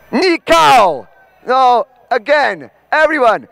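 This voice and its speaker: A Welsh man from Wales hosting an event, directing a crowd with bossy jokes and shouting out names. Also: extremely high pitch, takes it slowly, slight background noise. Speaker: event host. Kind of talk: directing a crowd and calling a roll.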